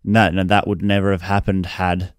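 A man hosting an interview, speaking in a measured, affirming way. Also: deep voice, flat delivery, smooth, no room sound, clean studio sound. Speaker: interview host. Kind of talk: conversational interview.

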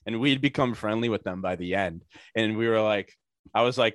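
A man's voice: fairly low pitch, very animated, normal speed, long pauses, dry recording. A man on a casual podcast, telling a long rambling story full of fillers, profanity and sarcastic asides.

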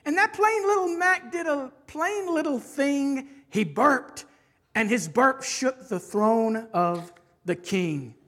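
A woman preacher reading a rhyming children's story aloud with expressive rhythm, then turning to a sermon point. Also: high voice, slow pace.

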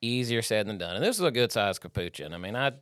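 A man, a veterinarian guest telling a story in casual chat on a podcast, animated and laughing as he goes. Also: on the low side, quick pace, dry recording, clean studio sound.

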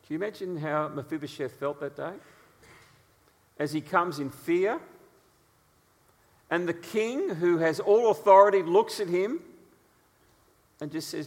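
A man preaching a sermon, telling stories in an animated way with frequent "uh" fillers. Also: a little high, a little slow, long pauses, in a large hall.

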